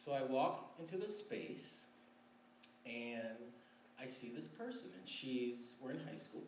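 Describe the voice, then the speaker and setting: A man's voice: medium pitch, lively intonation, normal speed, a little hiss or hum. A man in his forties from Michigan telling a wry personal story to a live audience, laughing between lines. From Michigan, USA. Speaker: storyteller on stage. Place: library event room before an audience. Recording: roomy live recording from a distance.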